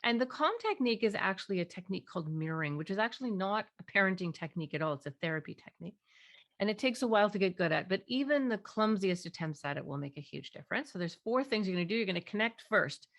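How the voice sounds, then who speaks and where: A woman's voice: mid-range voice, animated, fast, a bit bright. A middle-aged woman, a parenting clinician, explaining techniques in an interview and animatedly acting out parent and child voices.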